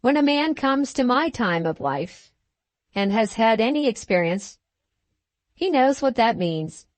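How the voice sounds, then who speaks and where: A woman reading the part of a blunt, plain-spoken gentleman farmer in an audiobook, with an earnest, emphatic manner. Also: fairly high pitch, expressive, unhurried, no echo.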